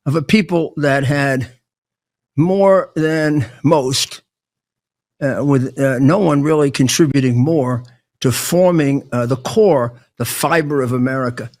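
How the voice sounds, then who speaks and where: An older man speaking in a casual monologue. He talks haltingly, with many restarts and stammered words. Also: a little high.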